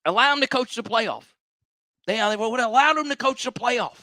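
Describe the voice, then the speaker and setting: A man's voice: very high voice, animated, fairly quick, bright, forceful tone, dry recording. A man hosting a sports talk show, ranting with emphatic, exasperated repetition.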